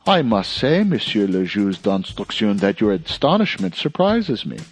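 A man reading an audiobook, voicing a clever young man who speaks softly, politely and playfully. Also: lowish voice, sing-song, moderate pace, husky, exaggerated voice.

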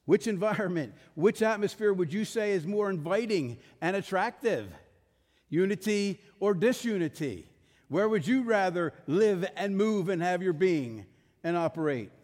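A man's voice: high voice, lively intonation, normal speed, darkish tone, big-room sound. A male pastor preaching a sermon, emphatic, putting rhetorical questions to his congregation.

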